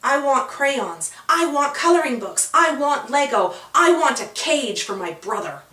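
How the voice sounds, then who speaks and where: A woman voicing faraway children in a storybook, softly listing wishes. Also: high voice, big pitch swings, unhurried, echoey room, far from the mic, heavily acted. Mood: wishful. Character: faraway children's wishing voices.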